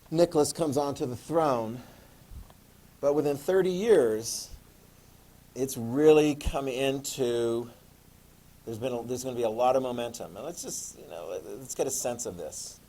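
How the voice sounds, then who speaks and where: Male teacher lecturing a class; lively, joking, questioning students. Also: mid-range voice, poor audio. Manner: animated, talks to students, jokes and asks questions. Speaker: history teacher.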